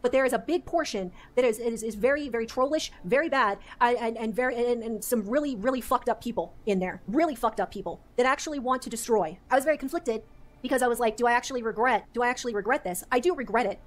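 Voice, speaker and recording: A woman's voice: a little high, fast. A woman content creator speaking to camera in an earnest, aggrieved monologue, with hesitant restarts. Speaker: content creator making a statement video.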